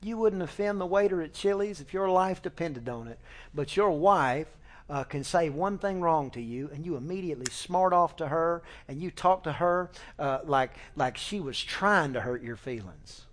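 A middle-aged man preaching a sermon in a folksy, animated way, with fillers and restarts, sometimes acting out family conversations. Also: on the high side, moderate pace. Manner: acts out family dialogue with shifting voices. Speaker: pastor.

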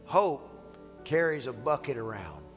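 A male pastor preaching a sermon in a church, animated and playful, acting out little dialogues as he talks. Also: medium pitch, unhurried, in a large hall, faint music behind. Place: church sanctuary.

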